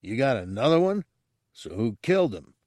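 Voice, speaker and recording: A man voicing an impatient, bossy male Gamorrean guard captain with a gruff, scolding manner. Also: medium pitch, big pitch swings, normal speed, a little mellow, no room sound, studio quality, lightly acted.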